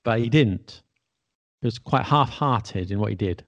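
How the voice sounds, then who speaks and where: A man's voice: lowish voice, a little slow. A British man in casual educational chat, explaining things wryly and spelling words out letter by letter. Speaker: podcast co-host explaining spelling.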